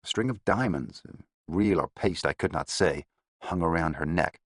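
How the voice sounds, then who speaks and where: Deep husky guy narrating an audiobook, dry close sound. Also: moderate pace, no echo. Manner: steady, descriptive first-person reading.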